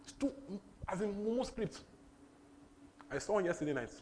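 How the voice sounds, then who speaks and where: A young man from Nigeria with a Nigerian English accent, preaching a lively sermon that repeats phrases and slips into pidgin. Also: high-pitched, moderate pace, a little hiss or hum. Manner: animated, repetitive, breaks into laughter and pidgin.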